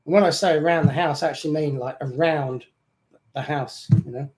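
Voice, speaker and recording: A man's voice: on the high side, steady tone, a little fast, darkish tone, poor audio. A man from the UK with a British accent that has picked up some Australian, joking and reading viewer comments as co-host of a live chat. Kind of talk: casual live-stream chat.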